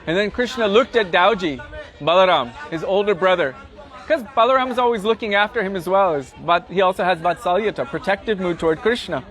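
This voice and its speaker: A high-pitched man narrates devotional tales with dramatic flair while guiding pilgrims. His telling swells and slows for effect. Faint crowd murmur hangs in the open air around him. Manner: animated, dramatic storytelling. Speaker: pilgrimage guide and storyteller. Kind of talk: devotional storytelling on a pilgrimage tour. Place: outdoors at a riverside site.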